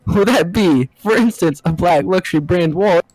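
A man voicing an excitable policeman in a put-on Australian accent. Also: sits high, normal speed, dry recording, poor audio. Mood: surprised.

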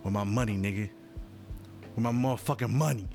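A blunt mafia enforcer barks short threats at a cornered family. A man acts him out while telling the story. The delivery is gruff and curt. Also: fairly low pitch, fairly quick, darkish tone, soft background music, pitched below the performer's own voice. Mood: menacing. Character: menacing male mob enforcer, blunt and cold.

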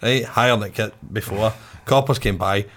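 A man's voice: on the low side, normal speed. A man telling a sweary anecdote in casual chat, acting out the voices of the people in it. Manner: animated anecdote telling, acts out quoted voices, sweary, laughs often.

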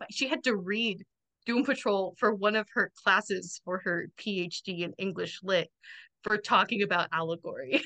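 A young woman co-hosting a podcast in casual chat, talkative and quick to laugh. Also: mid-range voice, pushed and bright. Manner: chatty, laughs often, quotes friends in quick asides. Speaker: podcast co-host.

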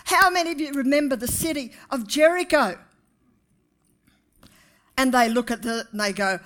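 A woman pastor, preaching a sermon to her congregation with animated, rising emphasis. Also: high-pitched, moderate pace, long pauses. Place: church.

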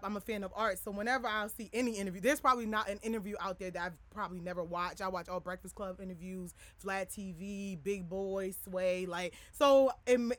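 A woman's voice: medium pitch, a bit bright. A young adult woman hosting a podcast, talking candidly and casually to her listeners in a rambling way with many filler words. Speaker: podcast host. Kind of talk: candid personal talk to listeners.

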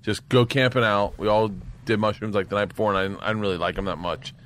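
A man's voice: on the low side, fast talker, fairly bright tone, a little hiss or hum. A man, a guest comedian, telling loose stories in casual chat, laughing often and swearing freely.

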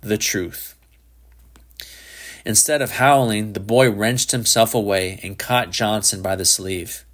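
A man reading a literary short story aloud in a measured, even narration. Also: fairly low pitch. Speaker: audiobook narrator.

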